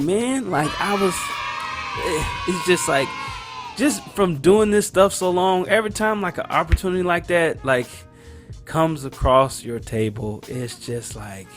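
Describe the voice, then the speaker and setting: A man with a high voice hosts a podcast, talking a bit slowly as soft music plays underneath. Casual and full of slang, he brings his story to life by performing the characters' dialogue and reactions.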